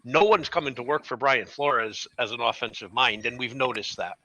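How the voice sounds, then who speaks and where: A man's voice: medium pitch, normal speed, pushed and bright, dry recording, muffled recording. A man arguing his point emphatically on a podcast call. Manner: emphatic, argumentative. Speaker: podcast guest. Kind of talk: casual podcast chat.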